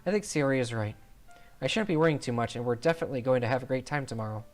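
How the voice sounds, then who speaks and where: Streamer reading a story game out loud, steady mid voice, quiet game music under. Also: medium pitch, racing. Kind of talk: reading a visual novel aloud.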